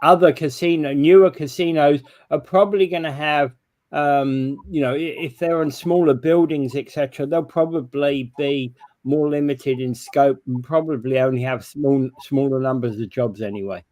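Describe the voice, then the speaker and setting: A man co-hosting a local talk show in casual chat, with an agreeable manner, quick to chime in with affirmations. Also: a little high, steady tone, darkish tone, no echo.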